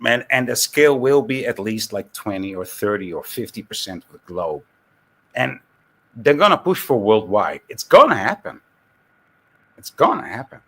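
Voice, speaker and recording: A man's voice: lowish voice, animated, moderate pace, a bit bright. A man with a Dutch accent talking casually on a call-in stream, rambling and restarting his sentences. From Netherlands. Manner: rambling, repeats words and restarts.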